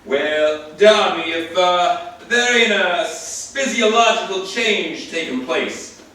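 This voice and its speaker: An actor with a rural American Yankee accent playing a brash, shrewd, folksy American on a theater stage, talking in bold, teasing slang. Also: male voice, high voice, animated, slow, bright, forceful tone, heavily acted. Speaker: actor in a play reading. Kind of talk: stage play reading. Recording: very echoey theater, distant mic, faint hiss.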